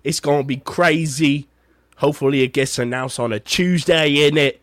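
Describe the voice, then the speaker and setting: A man's voice: a little high, normal speed, dry recording, clean studio sound, close to an everyday voice. A man playing up a cheeky Cockney London accent as he hosts a podcast, tired and playful with exaggerated slang. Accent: Cockney London, put on. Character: cheeky Cockney London bloke, the host himself. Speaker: podcast host.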